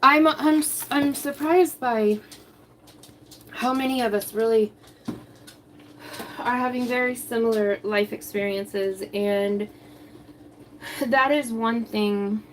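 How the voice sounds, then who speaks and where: Woman host, relaxed crafting chat, unhurried and rambling, slightly out of breath. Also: fairly high pitch, slight background noise. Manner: chatty, rambling, with many ums. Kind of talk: casual live chat while crafting.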